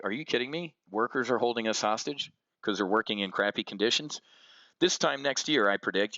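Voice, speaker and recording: A man's voice: on the low side, a bit bright, dry recording, dull audio. A man hosting an options trading show, giving blunt, heated market commentary that swings between outrage and somber reflection. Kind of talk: unscripted market commentary rant.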